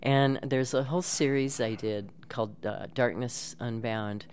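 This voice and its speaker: Very low-voiced woman telling stories. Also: fairly even intonation, unhurried, a little mellow. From United States. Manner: storytelling, laughs often. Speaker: guest voice actress. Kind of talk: casual interview chat. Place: home studio.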